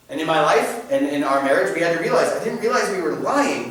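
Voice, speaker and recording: A man's voice: on the high side, brisk, few pauses. Joking man in an echoey room. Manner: animated, joking, restarts sentences often. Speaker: catechism class presenter. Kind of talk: informal faith talk to a class. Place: church meeting room. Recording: very echoey room, mic at a distance.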